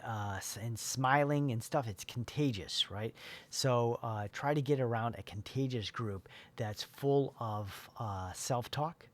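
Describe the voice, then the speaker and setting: A man's voice: medium pitch, dry recording. A man in his forties or older, a life coach giving a loose, filler-heavy motivational talk with many restarts.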